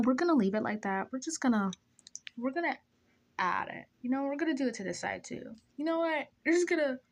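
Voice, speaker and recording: Young woman yapping a story while doing makeup, dramatic, whispers and squeals, average pitch. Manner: dramatic, animated storytelling with whispered asides and sudden high squeals. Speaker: vlogger.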